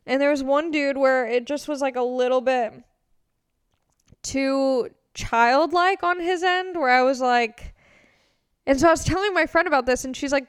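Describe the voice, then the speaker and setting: A young California woman hosts a podcast in a casual question-and-answer chat, rambling crudely and filling it with fillers. Her high, smooth voice moves at normal speed, captured as a dry, clean studio recording.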